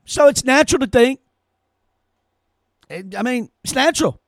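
A man's voice: very high voice, animated, measured pace, dry recording. A man hosting his own podcast, giving indignant, sarcastic solo commentary and repeating phrases for emphasis. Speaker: podcast host.

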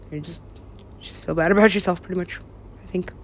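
A woman's voice: fairly low pitch, fairly even intonation, a little fast. A woman recording herself in a rambling solo monologue, talking to herself and swearing casually. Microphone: self-recorded.

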